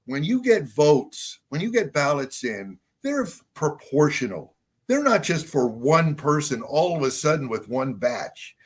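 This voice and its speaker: A man's voice: on the high side, sing-song, unhurried, slightly rough. An older man, a local party chair, speaking as a guest on a political talk show in an insistent, repetitive way. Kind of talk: political interview.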